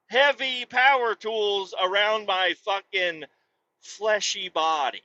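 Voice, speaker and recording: A man hosting a podcast, telling a profane, animated story and acting out voices with sudden loud yelps. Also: high voice, takes it slowly, dull audio. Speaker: podcast host. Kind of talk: casual storytelling monologue.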